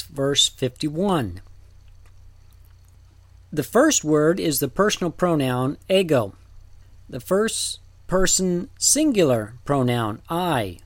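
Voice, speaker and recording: A man teaching a recorded Greek lesson, talking slowly and deliberately, with fillers and restarts. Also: fairly high pitch, dry recording.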